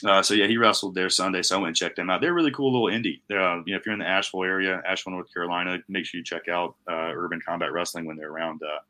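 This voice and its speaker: A man's voice: deep voice, fairly even intonation, very fast, few pauses, sharp tone. A young man co-hosting a podcast in casual chat, rambling and swearing freely, calling people bro and dude. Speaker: podcast co-host.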